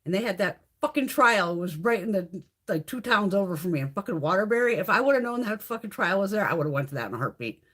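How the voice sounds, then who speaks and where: Foul-mouthed ranting woman, very lively pitch. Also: fast talker, hardly any pauses. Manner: profane, ranting, blunt; laughs often while talking. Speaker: beauty livestream host. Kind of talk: casual live-stream chat with viewers.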